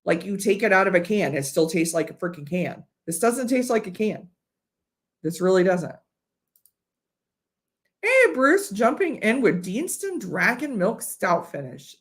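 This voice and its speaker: A woman's voice: on the low side, expressive, unhurried. Chatty woman hosting a whiskey livestream. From Ohio, US. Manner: chatty, rambling, frequent fillers and restarts. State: a bit tipsy. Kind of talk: casual live-stream chat. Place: home studio.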